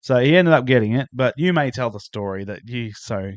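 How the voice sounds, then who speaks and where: A man hosting a podcast in casual chat, laid-back and quick to laugh along. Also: mid-range voice, lively intonation, no room sound, muffled recording. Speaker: podcast host.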